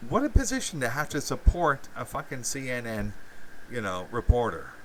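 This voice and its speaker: A man's voice: mid-range voice, huge pitch swings, moderate pace, recorded from a distance, slight background noise, poor audio. A man hosting a live stream, rambling profanely with many fillers and restarts while reacting to chat.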